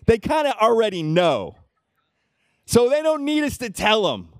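High-voiced conversational male pastor. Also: big pitch swings, measured pace, dry recording, clean studio sound. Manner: conversational, frequent "right?" asides to the congregation; drops to a hushed low voice when telling personal moments. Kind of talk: sermon.

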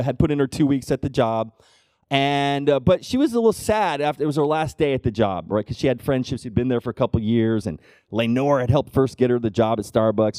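A middle-aged man preaching a sermon, conversational, often checking in with the congregation with "right?" and dropping to a hush for personal stories. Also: no room sound, clean studio sound. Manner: drops to a hushed low voice when telling personal moments. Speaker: pastor.

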